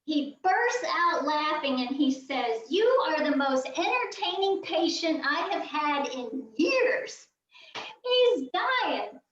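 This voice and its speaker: A woman, a guest on a video call, telling a funny story in a lively way and acting out the voices. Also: high-pitched, slow, a little hiss or hum. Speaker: guest quilter. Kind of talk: animated storytelling. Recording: roomy, distant, dull video call audio.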